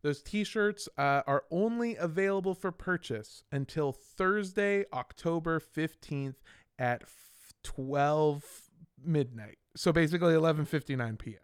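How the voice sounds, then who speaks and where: A man's voice: fairly high pitch, measured pace, clear, resonant tone, no echo, studio quality. Profane, jokey male podcast co-host. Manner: profane, jokey, rambling with fillers. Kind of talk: casual podcast chat with ad reads.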